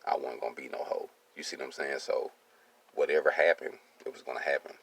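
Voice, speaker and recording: Very deep, gravelly-voiced man. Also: fairly even intonation, fast. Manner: streetwise, keeps asking "you see what I'm saying". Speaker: welding business owner. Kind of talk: casual personal monologue.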